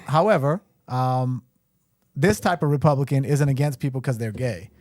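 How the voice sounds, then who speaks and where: A man's voice: medium pitch, normal speed, a little mellow, no echo, clean studio sound. A middle-aged man running for mayor, answering a caller bluntly and firmly on a live show. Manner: blunt, firm, indignant. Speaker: mayoral candidate, guest.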